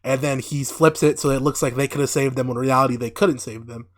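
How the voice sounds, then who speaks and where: A man's voice: mid-range voice, quick pace. A man hosting a podcast, recapping a show in casual, profane talk full of laughter. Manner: profane, laughing, animated storytelling. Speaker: podcast host.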